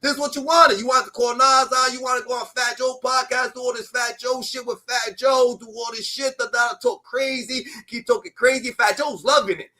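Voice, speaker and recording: A man's voice: very high-pitched, level tone, a little fast, few pauses, pushed and bright. A man with a New York accent ranting heatedly and profanely about a rapper, peppering his talk with repeated "da, da, da" fillers. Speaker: streamer commentator. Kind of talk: heated reaction rant.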